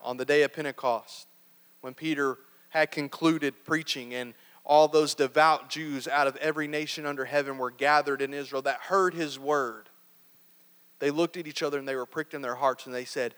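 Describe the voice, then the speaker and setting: A man's voice: mid-range voice, fairly even intonation, normal speed, a bit bright. A man preaching a sermon, earnest, with frequent restarts and affirming amens, in a church sanctuary. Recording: reverberant church hall.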